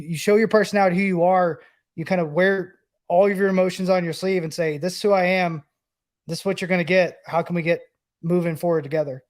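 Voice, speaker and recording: A man's voice: high-pitched, a little mellow. A man from the Southeastern US co-hosting a casual podcast as a former baseball player, speaking in an earnest, enthusiastic way.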